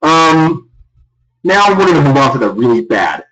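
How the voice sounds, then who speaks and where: A young man ranting loudly and in exasperation on a live gaming stream. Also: very animated, normal speed. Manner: loud, exasperated ranting with big pitch swings. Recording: echoey room, far from the mic.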